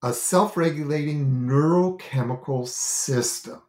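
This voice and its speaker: On a talk show, a parenting and self-regulation educator explains self-regulation in a voice that's on the high side, a little slow and a little mellow. The sound is reverberant. He thinks out loud earnestly, using many fillers and restarts and gesturing with his hands.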